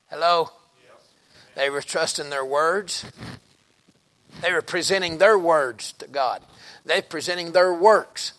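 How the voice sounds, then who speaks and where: Male preacher, high voice, hushed-to-shouting sermon delivery. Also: measured pace, long pauses. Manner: swings from hushed to shouting, folksy.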